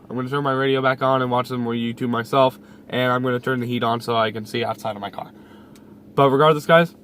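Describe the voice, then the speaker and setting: A man's voice: a little high, a bit bright. Rambling young man in a parked car. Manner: rambling, repeats himself, many fillers. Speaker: YouTuber. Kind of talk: casual car vlog. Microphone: camera mounted on the dash.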